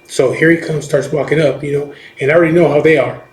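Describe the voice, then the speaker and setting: A man's voice: fairly high pitch, steady tone, quick pace, slight background noise. A middle-aged man, a biker, telling a personal story in a rambling, profane way, full of restarts and "you know what I mean", while recovering from chemotherapy. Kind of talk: casual storytelling. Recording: echoey room.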